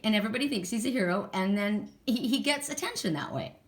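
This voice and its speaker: A middle-aged woman giving a casual oracle card reading, chatty and animated, telling stories and laughing as she talks. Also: medium pitch, fast, few pauses.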